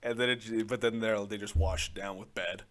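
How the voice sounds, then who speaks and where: A man's voice: fairly low pitch, steady tone, fairly quick, fairly bright tone. A young man hosting a podcast, talking in casual chat that rambles with many fillers and frequent laughs. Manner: rambling, full of "like", laughs often. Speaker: podcast host.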